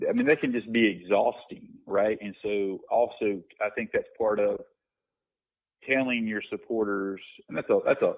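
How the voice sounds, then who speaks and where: A man's voice: lowish voice, steady tone, moderate pace, narrow, tinny audio. A man telling stories in a podcast interview as a guest minister, reflective, with many restarts and fillers.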